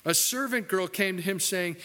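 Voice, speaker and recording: A male pastor preaching a folksy, joking sermon, dropping low and soft for the solemn points. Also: moderate pace, big-room sound.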